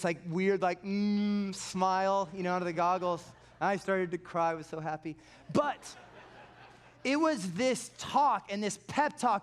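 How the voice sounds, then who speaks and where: A pastor preaching a sermon, telling stories animatedly and dropping into quiet, intense passages. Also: male voice, high voice, slight background noise.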